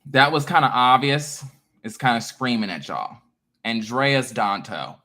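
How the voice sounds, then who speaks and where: Bright-voiced man lecturing his viewers. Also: mid-range voice, unhurried. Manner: emphatic, profane and lecturing; animated, swings between loud and quiet. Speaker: online creator. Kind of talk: casual monologue to viewers.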